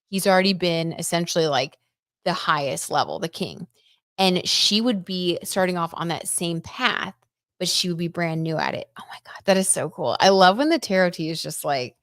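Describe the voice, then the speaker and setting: Chatty, excitable woman reading tarot live. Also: fairly low pitch, no echo, clean studio sound. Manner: chatty and excitable, lots of "oh my god" and "like"; reads viewer comments aloud and reacts. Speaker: tarot reader hosting a live stream.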